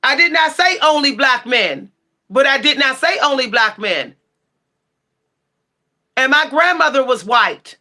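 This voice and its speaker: A high-voiced woman with a bright, sharp edge, going off at her livestream chat. She is blunt, sassy and profane, and rises to shouting when she gets heated. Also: lively intonation, unhurried, long pauses. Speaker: livestream tarot channel host.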